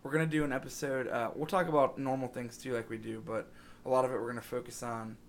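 A man's voice: mid-range voice, level tone, fast. A young man hosting a casual podcast, joking and rambling through the sign-off. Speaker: podcast host.

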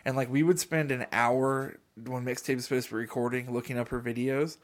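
A young man in casual podcast chat, telling a funny story with lots of laughter and quick mimicry of other people. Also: mid-range voice, fairly even intonation.

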